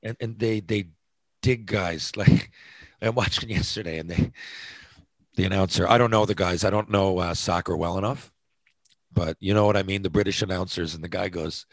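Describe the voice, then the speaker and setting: A man's voice: low voice, steady tone, normal speed, no echo, low-quality recording. A man talking casually on his podcast, chatty and self-deprecating, with lots of fillers and restarts. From North America. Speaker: podcast host. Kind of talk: casual rambling monologue.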